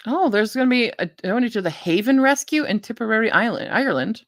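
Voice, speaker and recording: A woman's voice: on the high side, fast talker, few pauses, no room sound, studio quality. Chatty woman streaming book picks. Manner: chatty, animated, talks to her puppy in a soft baby voice. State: tired. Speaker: book reviewer streaming live. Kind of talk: casual live-stream chat.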